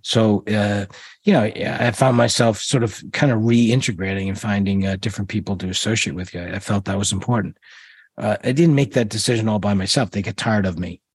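A man's voice: fairly low pitch, steady tone, brisk, slightly rough, no echo. A middle-aged man, a guest in an interview, telling rambling stories with many restarts and fillers. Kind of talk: casual interview storytelling.

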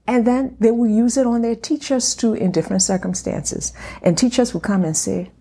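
A middle-aged woman hosting a faith podcast from her home, talking in an encouraging way and slowing down to stress her points. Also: fairly high pitch, mellow, slightly rough. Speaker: podcast host. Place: home room at a glass table.

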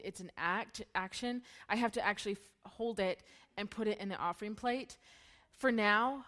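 A woman's voice: mid-range voice, a bit bright. A woman in her thirties gives a candid, emotional personal testimony at a church gathering and laughs often as she talks. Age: 30s. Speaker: church speaker.

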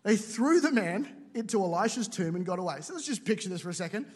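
A man preaching a sermon, telling jokey stories with quick asides to a church auditorium. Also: high-pitched, animated, a little mellow, slightly rough. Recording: large hall with long reverb.

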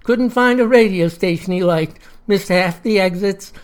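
A woman's voice: mid-range voice, normal speed, clean tone, close to an everyday voice. A woman doing a frazzled, fed-up wife. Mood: exasperated. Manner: exasperated.

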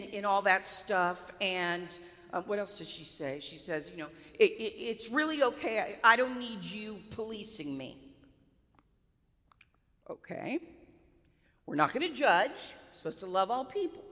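A woman pastor tells a personal story from the pulpit in an easy, conversational way, acting out other people's words as she goes. Her voice is bright and forward, and a long church-hall reverb trails behind it. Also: mid-range voice. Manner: conversational, animated retelling with quoted dialogue. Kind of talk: sermon storytelling.

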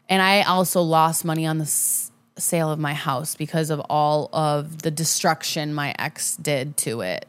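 Casting note: a low-pitched woman vlogger, frank and chatty, confiding her own story from home. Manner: frank and conversational, with frequent "like" and "you know". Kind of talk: candid personal storytelling. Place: her apartment living room.

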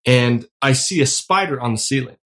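Casual co-host: middle-aged man, easygoing storyteller, laughs a lot, mid-pitched voice. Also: moderate pace, fairly bright tone. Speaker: podcast co-host. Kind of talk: casual chat.

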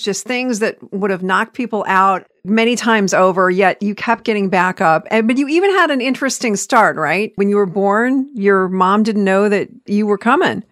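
A woman hosts a podcast, opening the show and steering the interview while affirming her guest. Her voice sits mid-pitch and sounds close and dry, without room echo. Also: fairly bright tone. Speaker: podcast host. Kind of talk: conversational interview.

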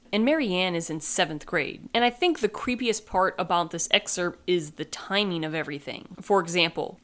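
A woman podcast host reading a children's book aloud, lively and acting out the characters. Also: lowish voice.

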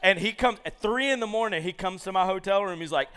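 A male preacher giving a sermon to a live congregation, telling stories in an animated, jokey way with many asides. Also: high-pitched, quick pace, hardly any pauses, clear, resonant tone.

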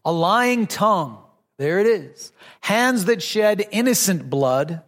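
A man's voice: sits high, animated, takes it slowly, a bit bright, in a large hall. A man preaching a sermon to a congregation, asking them questions and repeating lines for emphasis. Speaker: pastor.

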